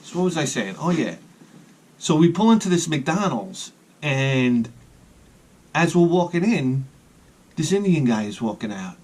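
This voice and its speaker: A man's voice: a little high, very animated, measured pace, pauses often, a little mellow, breathy edge. A middle-aged man telling a rambling casual story, restarting his sentences and chuckling at his own jokes.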